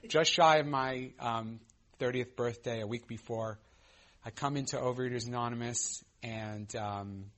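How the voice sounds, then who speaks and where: A man's voice: medium pitch, moderate pace, a bit bright. A man in his thirties telling his own recovery story at a meeting, candid and self-mocking, with many fillers and restarts. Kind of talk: personal testimony share.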